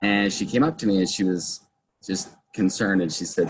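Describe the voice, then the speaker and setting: Man, very low voice, relaxed, dry humor, video call, clear background noise. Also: moderate pace, low-quality recording. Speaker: guest, father. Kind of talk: personal testimony on a video call.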